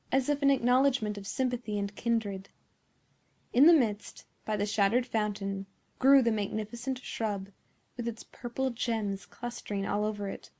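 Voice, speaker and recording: A woman reading a classic story aloud in a measured, formal narration. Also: fairly high pitch, a little mellow. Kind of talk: scripted narration.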